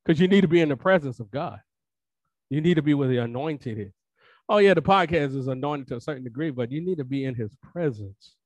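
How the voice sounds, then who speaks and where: A man's voice: fairly high pitch, animated, fairly quick, no room sound. A man preaching a sermon as pastor, emphatic and colloquial, repeating phrases for emphasis. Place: church sanctuary.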